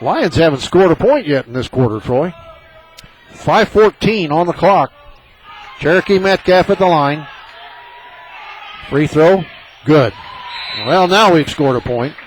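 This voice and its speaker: Man doing play-by-play, partisan small-town radio call, slightly high voice, gets loud and excited on big plays. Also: measured pace, long pauses, a faint crowd, rough recording. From southern Illinois. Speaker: play-by-play announcer. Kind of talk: local radio basketball commentary.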